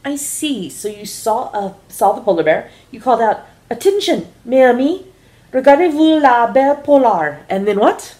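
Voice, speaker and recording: A woman reading the part of a sly, smooth-talking male airline first officer in a casual script read-through, in a teasing, mock-formal announcer tone. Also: mid-range voice, lively intonation, normal speed, hardly any pauses, mellow, voice pushed up, close to an everyday voice.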